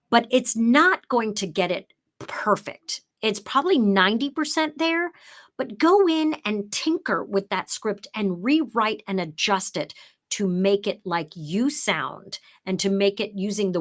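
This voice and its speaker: A middle-aged woman leads an online workshop from her home office. She talks in a loose, chatty way, walking through her examples one step at a time. Now and then she slips into a crisp, emphatic broadcaster read to demonstrate. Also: mid-range voice. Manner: drops into emphatic, broadcaster-style read when showing the script. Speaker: workshop presenter.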